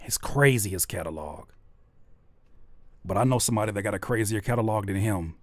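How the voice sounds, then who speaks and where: A man's voice: fairly low pitch, fairly quick, no echo. Laid-back slangy man making beats. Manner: loose, slangy, playful, often laughs. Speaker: rapper and music producer. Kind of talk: casual chat while making a beat live.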